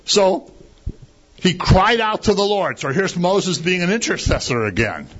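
Animated preacher man, lively pitch. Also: a little slow. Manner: animated, acts out quoted complaints, rhetorical questions. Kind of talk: conversational sermon. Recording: dull lo-fi recording.

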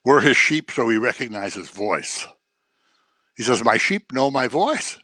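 A man preaching a sermon in an animated way, acting out the voices he quotes. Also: mid-range voice, measured pace, slightly rough, no echo.

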